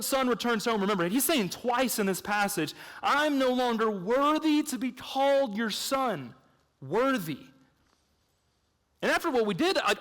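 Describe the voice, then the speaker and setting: Guy preaching a sermon in a big echoey hall, drops to a hush then builds up loud, chatty stories in between. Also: a little high. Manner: swings between hushed intensity and loud emphatic points; conversational storytelling with fillers. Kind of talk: evangelistic sermon. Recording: long reverb of a large hall.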